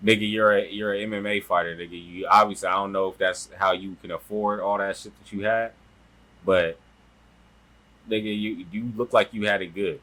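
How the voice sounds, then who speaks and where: A man's voice: on the low side, steady tone, normal speed, a bit bright. Blunt, profane man reacting. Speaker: reaction video host. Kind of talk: casual reaction commentary.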